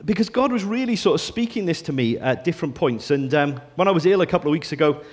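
A man's voice: fairly high pitch, lively intonation, fast talker. A man, a father in his thirties, preaching a sermon to his church in a conversational way with frequent ums. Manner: conversational, warm and self-deprecating, with frequent ums. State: deaf in his left ear this morning.

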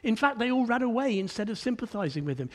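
A fast-talking preacher gives a spirited sermon, rising to emphatic climaxes and then going low and quiet. He frequently repeats words when beginning sentences.

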